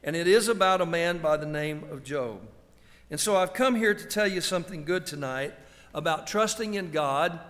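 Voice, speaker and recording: High-voiced preacher in a reverberant hall. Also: male voice, expressive, fairly bright tone. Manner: slow, emphatic preaching with drawn-out quotations. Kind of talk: sermon.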